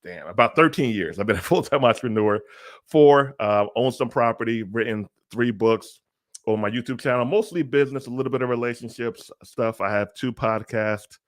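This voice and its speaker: A man in his forties talks as a guest on an online interview show. His voice sits close and dry on the mic, and he speaks in a relaxed, easygoing way with casual slang. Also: mid-range voice, normal speed, no echo. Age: 40s.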